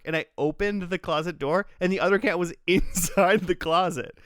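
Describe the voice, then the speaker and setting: A man's voice: a little high, steady tone, fairly quick, hardly any pauses, a bit bright, clean tone, no echo, clean studio sound. A man hosting a casual podcast chat, rambling through stories with lots of fillers and restarts. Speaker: podcast host.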